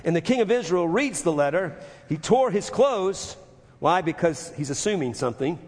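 Male pastor, high and husky, emphatic repeating sermon style, long reverb of a big sanctuary. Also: lively intonation, moderate pace. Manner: retells scripture with emphatic repetition, dropping to soft intensity. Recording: long reverb of a large hall.

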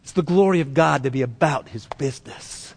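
A man preaching a sermon, animated and acting out the voices he quotes, his voice rising and dropping sharply. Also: a little high, moderate pace, vocal fry, slightly rough. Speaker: pastor.

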